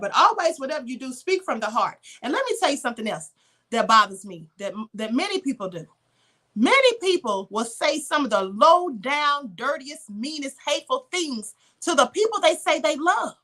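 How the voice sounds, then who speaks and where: A woman with a high, bright voice gives an emphatic, preachy inspirational talk on a live stream. She reads and thanks viewer comments, calling viewers beloved. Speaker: livestream host.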